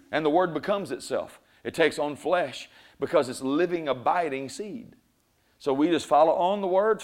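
High-voiced preacher guy, fired up, repeats lines, slows down to hammer points. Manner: fervent, rising to shouts on key phrases; rhythmic repetition, slows for emphasis. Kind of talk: sermon.

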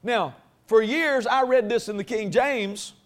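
Speaking a little slowly in a very high voice, a man preaches to a congregation in church. The sermon starts folksy and conversational and builds steadily in force.

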